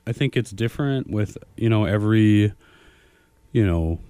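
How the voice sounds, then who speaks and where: Male radio co-host, low and mellow, animated and joking, dry booth. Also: moderate pace, clean tone, no echo. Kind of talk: casual radio chat.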